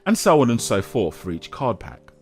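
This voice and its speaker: A man giving casual, self-mocking commentary over a game he is playing, now and then breaking into a shout. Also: mid-range voice, huge pitch swings, normal speed. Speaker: gaming YouTuber.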